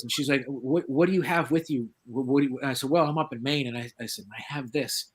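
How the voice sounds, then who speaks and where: A man's voice: mid-range voice, fast, husky. Middle-aged man telling a spooky story. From southeastern Massachusetts, USA. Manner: lively, acts out quoted voices. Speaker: guest paranormal researcher. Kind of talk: casual anecdotal storytelling.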